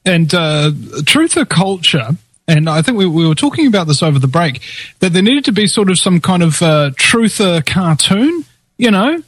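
A man's voice: high-pitched, very animated, moderate pace, no echo, low-quality recording. A man hosting a live call-in radio talk show, with a theatrical, sarcastic announcer delivery.

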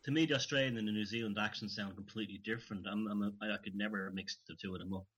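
A man's voice: lowish voice, fairly even intonation, racing, a bit bright, husky. A man in a casual chat who talks earnestly, often trailing off and restarting his thoughts. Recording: dull, muffled sound.

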